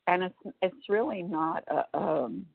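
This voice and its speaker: Low, gravelly woman on a phone line. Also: no room sound. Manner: halting, restarts often. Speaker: relative on a prison call. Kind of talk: casual phone chat.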